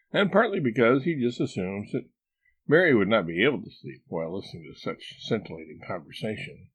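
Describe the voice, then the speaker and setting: Narrator: low-voiced man, deadpan comic reading with a lot of rise and fall. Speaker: audiobook narrator.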